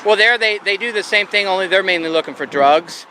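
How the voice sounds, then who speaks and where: A man's voice: high-pitched, a little fast, pushed and bright, a little hiss or hum. A man filming on a sidewalk with a handheld camera, chatting casually and rambling with frequent laughs. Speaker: YouTube auditor filming in public. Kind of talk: casual chat to camera and with an officer. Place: outdoors on a sidewalk by a road. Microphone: handheld camera mic.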